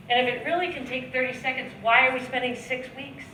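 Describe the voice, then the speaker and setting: Bright woman coaching a seminar room. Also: high-pitched, steady tone, fast, few pauses. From United States. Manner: coaching the audience with rhetorical questions and acted-out sales dialogue. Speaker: sales trainer speaking at a seminar. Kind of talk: motivational seminar talk. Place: seminar room, heard from a distance. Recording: echoey room, distant mic, faint background noise.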